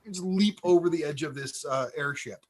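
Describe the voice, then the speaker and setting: A man casually telling a tabletop game story on a podcast, acting out quotes with growing excitement. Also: fairly high pitch, brisk, rough recording. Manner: animated storyteller, acts out quotes with rising excitement. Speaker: podcast co-host.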